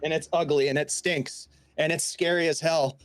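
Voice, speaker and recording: Guy gm narrating a tabletop game, kinda high voice, lots of ums, soft music behind. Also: steady tone, normal speed, no room sound. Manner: rambling, filler-heavy narration. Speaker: game master.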